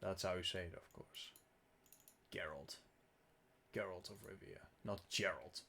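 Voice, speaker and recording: A man's voice: deep voice, level tone, a little fast, vocal fry, a bit bright. A man from the Netherlands streaming a game live, joking about himself and swearing freely as he talks through his inventory. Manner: joking, self-mocking, swears often. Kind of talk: casual live gameplay commentary.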